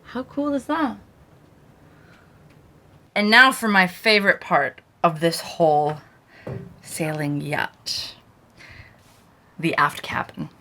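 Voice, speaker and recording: A woman hosting a vlog, giving an excited, giggly tour of a small sailboat she is aboard. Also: on the low side, takes it slowly, pauses often. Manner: excited, giggly, with frequent laughs. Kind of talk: casual tour walkthrough.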